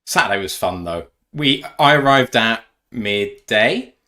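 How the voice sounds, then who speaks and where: A man's voice: on the low side, lively intonation, a little slow, pushed and bright. A man co-hosting a live fan show, chatting casually and reading out viewer messages. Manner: reads out chat messages, chatty and joking. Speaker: podcast co-host. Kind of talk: casual live-stream chat.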